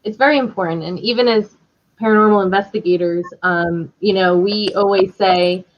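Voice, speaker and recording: A woman's voice: medium pitch, fairly even intonation, moderate pace, lo-fi sound. A woman hosting a live interview as a paranormal investigator, supportive and brief, speaking over a video call. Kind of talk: casual live-stream interview.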